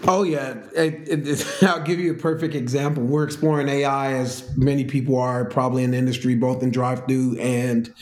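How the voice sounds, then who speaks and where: A man with a Southern US accent, a restaurant executive, guests on a casual interview, friendly and laughing as he shares anecdotes. His mid-range voice is a little mellow, with flat delivery and a fairly quick pace with hardly any pauses, recorded with roomy echo.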